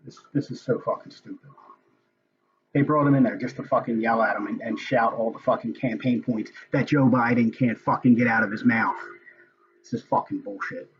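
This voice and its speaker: A man's voice: medium pitch, expressive, normal speed. Angry profane man, dull lo-fi sound. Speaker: political commentator. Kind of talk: casual recorded commentary.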